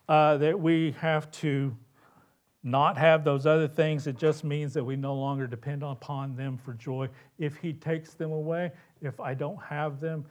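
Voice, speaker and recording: A male pastor delivering a sermon in a church, his voice set a little high for a man. He talks slowly and deliberately. He rises to loud cries and then drops to soft, hushed lines. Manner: dynamic preaching, swinging from loud cries to hushed tones.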